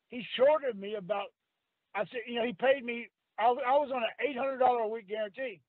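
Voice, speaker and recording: An older man spins salty stories in a strikingly high voice. He talks rough and laughs a lot. The sound is thin and tinny, like a phone call, with no room around it. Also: no room sound. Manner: rough, salty storyteller, quoting others, laughing often. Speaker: guest, retired wrestler. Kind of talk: storytelling on a call-in radio podcast. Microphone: phone line. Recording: tinny phone line, dry.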